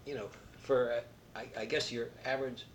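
A man's voice: mid-range voice, level tone, fairly quick, slight background noise. A man interviewing a guest for an oral history, giving brief encouraging responses.

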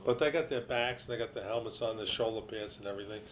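A man's voice: lowish voice, steady tone, fast, a little hiss or hum. An older man, a former ballplayer, telling long anecdotes in a casual interview, with restarts and quoted voices.

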